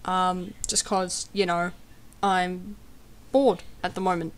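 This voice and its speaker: A woman's voice: on the low side, level tone, slow. Australian teen girl, casual home vlog, giggly, hesitant, lots of ums. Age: teenager.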